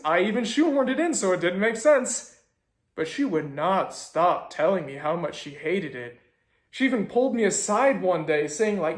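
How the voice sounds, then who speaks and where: A young man casually telling a story as a video host, animated with sarcastic asides. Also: high-pitched, roomy sound.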